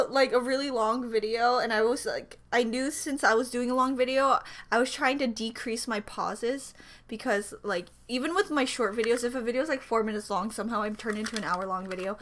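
A woman host reacting casually to a video, gushing and excitable, laughing often and chatting to her viewers. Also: on the high side, brisk. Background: faint music from the video she watches.

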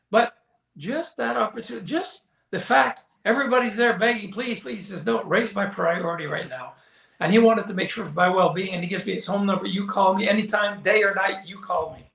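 This former wrestling commentator, now older, has a high, creaky voice with a fairly bright tone. Speaking candidly in an interview, he performs the dialogue in his stories and leans on "you know," all in an echoey room.

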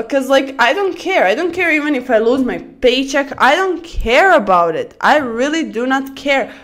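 A young woman chatting casually about her day while playing blitz chess, rambling through stories and bursting out excitedly over her moves. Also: a little high. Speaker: chess streamer.

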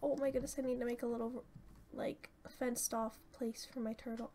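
A young woman casually commenting on her own gameplay, chatty and excitable, gushing with thanks. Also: fairly high pitch, a little fast. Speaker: gaming channel host. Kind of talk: casual let's-play commentary. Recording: noisy home recording.

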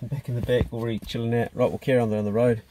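A man's voice: medium pitch, little pitch movement, rapid-fire, warm tone, slight background noise. A man in his forties with a New Zealand accent, chatting casually as he vlogs a road trip and talks fondly to his dogs, recorded on a handheld camera in a truck and outdoors by the road. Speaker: vlogger.

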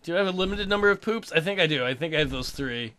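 A man hosting a let's play of a video game, excitable, laughing and swearing as he plays. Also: fairly high pitch, fast. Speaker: gaming channel host.

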